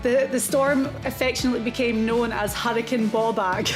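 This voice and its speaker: A woman's voice: a little high, steady tone, normal speed, over music. A Scottish woman from Scotland co-hosting a casual chat, teasing and laughing often. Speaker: co-host.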